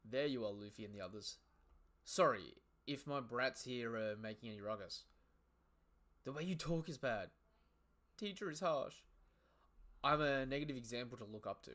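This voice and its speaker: A man's voice: mid-range voice, a bit bright, lightly acted. A man reading as a blunt giant schoolteacher.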